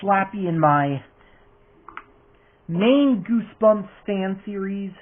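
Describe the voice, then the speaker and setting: A man's voice: sits high, animated, takes it slowly, background noise. Rambling young man on a tinny phone recording. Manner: rambling, hesitant, lots of fillers. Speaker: vlogger and fan filmmaker. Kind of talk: casual rambling vlog.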